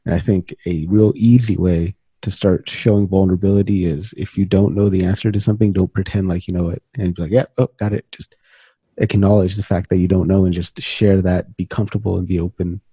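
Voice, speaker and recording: A man's voice: sits low, flat delivery, brisk, warm tone, husky, dry recording. A man hosting a podcast interview, asking friendly, thoughtful questions and rephrasing them as he goes. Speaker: podcast host.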